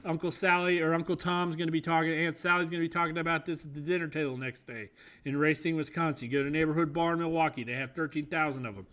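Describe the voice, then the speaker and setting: A man's voice: fairly high pitch, fairly even intonation, fast talker, fairly bright tone. A man from the American Midwest co-hosting a comedic podcast, riffing profanely and slipping into silly put-on voices. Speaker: podcast co-host. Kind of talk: comedic casual chat.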